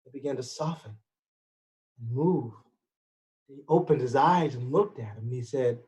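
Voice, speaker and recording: A man telling a folk-style story with expressive, dramatic pacing. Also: medium pitch, moderate pace, long pauses. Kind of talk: storytelling performance.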